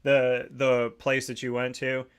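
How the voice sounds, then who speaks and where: Male talk show host, mid pitch, animated anecdote-teller with a knack for impressions. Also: unhurried, clean tone. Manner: animated storyteller who does impressions. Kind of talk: casual sports talk show chat.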